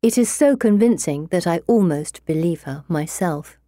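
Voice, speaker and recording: A woman reading a novel aloud in the first person, measured and expressive. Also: on the low side, no room sound, studio quality. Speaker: audiobook narrator.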